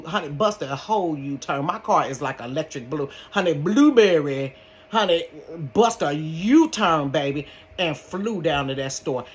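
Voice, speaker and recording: An older woman tells a story from her bedroom. She is dramatic and animated and keeps calling her listeners honey and baby. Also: low-pitched, slight background noise. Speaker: vlogger. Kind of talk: casual storytime.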